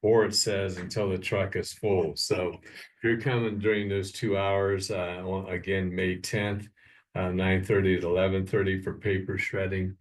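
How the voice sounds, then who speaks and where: Midwestern American man, very low voice, halting commissioner, heard off-mic. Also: little pitch movement, distant mic. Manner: halting, many uhs and ums. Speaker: county commissioner. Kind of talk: public meeting announcements. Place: county government meeting room.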